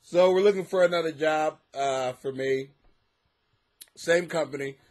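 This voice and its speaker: An American man hosting a casual comic podcast from his basement, rambling and swearing, laughing often and swinging between mutters and near-shouts. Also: on the high side, measured pace. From United States. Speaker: podcast host, struggling comic. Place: home basement.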